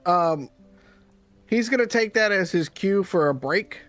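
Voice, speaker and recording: A man's voice: high voice, lively intonation, measured pace, fairly bright tone, faint music behind. A man playing a tabletop game, rambling loosely with lots of fillers. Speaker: player. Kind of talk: tabletop role-play.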